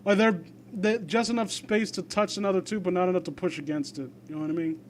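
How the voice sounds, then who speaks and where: A man's voice: high voice, fairly even intonation, fast, slight background noise. A young man reading fan fiction aloud and breaking off into rambling, sarcastic commentary. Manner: rambling, sarcastic asides, trails off.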